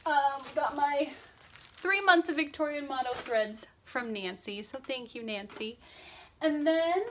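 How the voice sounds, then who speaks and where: A woman's voice: on the high side, bright, forceful tone. A woman in her thirties chatting casually at home about her cross stitch projects, upbeat and sleepy. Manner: chatty, upbeat, lots of fillers. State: sleepy, yawning. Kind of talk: casual chat.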